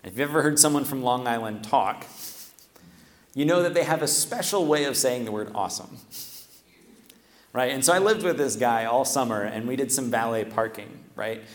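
A man with a medium-pitched voice preaches a sermon at a moderate pace, standing at a church microphone. His delivery is casual and conversational, and he often checks in with listeners by asking "right?" The echoey church hall gives his voice a long reverb.

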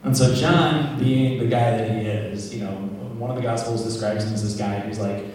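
A man giving a casual, joking sermon, full of asides and quick tag questions to the listeners. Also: medium pitch, steady tone, a little mellow, slight background noise. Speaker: preacher. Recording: echoey hall, distant mic.

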